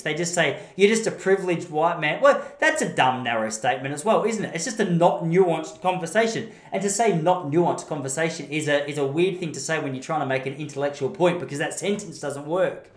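A man's voice: on the high side, animated, brisk. Australian man, podcast host, opinionated monologue, rambling and blunt, echoey room sound. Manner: rambling, blunt, self-correcting. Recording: roomy echo.

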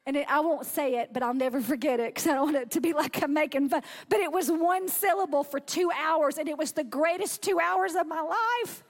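A woman preaching a sermon in a conversational, animated way, acting out the inner voices of her listeners. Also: high-pitched, a little fast, hardly any pauses.

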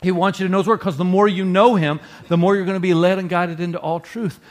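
A man's voice: high-pitched, fairly even intonation, quick pace. A man preaching a sermon to his congregation in a conversational, earnest way. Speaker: pastor.

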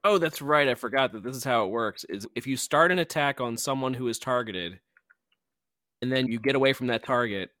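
A man's voice: mid-range voice, fairly quick, bright, forceful tone, dry recording. A man chatting casually while streaming an online game, joking around and explaining how the game works. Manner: playful, jokey, explains game mechanics. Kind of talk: casual gaming chat.

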